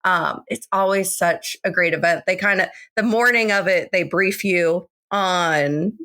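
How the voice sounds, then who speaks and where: An American woman co-hosting a podcast in casual chat, bubbly and quick to laugh. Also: lowish voice, bright, forceful tone. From United States. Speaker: podcast co-host.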